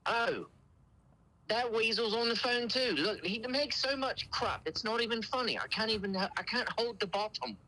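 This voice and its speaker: A man's voice: high-pitched, animated, normal speed, pushed and bright, pitched above the performer's own voice. A man on a phone call putting on a fake British accent to play an irate male customer who stammers through his complaints. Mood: angry, blustering. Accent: put-on British.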